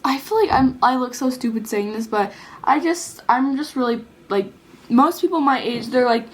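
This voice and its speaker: A teenage girl talks straight to her viewers in a casual vlog, her voice a touch higher than most. She rambles earnestly and restarts her sentences often, leaning on "like" and "you know". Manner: rambling, earnest, heavy use of "like". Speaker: vlogger. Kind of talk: casual heartfelt advice vlog.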